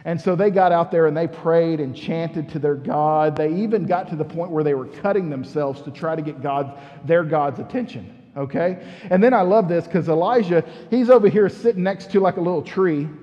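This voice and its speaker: A man's voice: fairly high pitch, normal speed, big-room sound, muffled recording. A man preaching a sermon in a conversational, storytelling way, asking the congregation questions as he goes. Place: church sanctuary.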